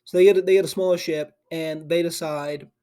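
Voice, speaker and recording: Chatty young man, higher-pitched. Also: steady tone, a little fast, dark tone, clean tone. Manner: loose and chatty, full of "like" and restarts. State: sleepy and yawning. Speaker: anime channel host. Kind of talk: casual rambling retelling. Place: home desk with a camera.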